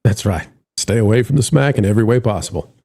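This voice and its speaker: A man's voice: lowish voice, expressive, fast talker, dark tone. A man hosting a casual live-stream chat, playful and theatrical as he introduces guests. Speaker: host.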